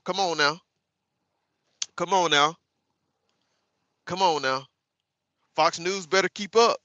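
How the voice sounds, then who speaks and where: A man hosting a casual livestream, chatting with viewers by name, sarcastic and animated, calling his audience y'all. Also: high voice, no room sound. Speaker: livestream host. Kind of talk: casual live chat reading viewer comments.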